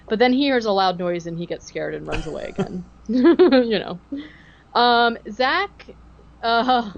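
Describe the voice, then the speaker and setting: A woman's voice: a little high, expressive, measured pace, highs cut off. A woman hosting a podcast, recapping a ghost-hunting show in a sarcastic, mocking way. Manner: sarcastic, mocking voices of the show's hosts. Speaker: podcast host.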